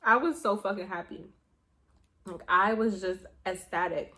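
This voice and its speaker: A young adult woman vlogger chatting casually to her viewers, telling a story in an animated way with slang and swearing. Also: mid-range voice, moderate pace, slight background noise. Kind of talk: casual chat to camera.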